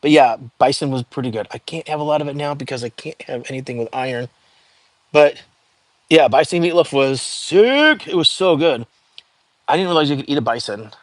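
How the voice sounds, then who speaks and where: A man talks casually to his livestream viewers in a middle-pitched voice, loose and full of fillers. The sound is dry and close, with no room echo. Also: brisk. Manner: chatty, frequent fillers, reads out viewer comments. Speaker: livestream host.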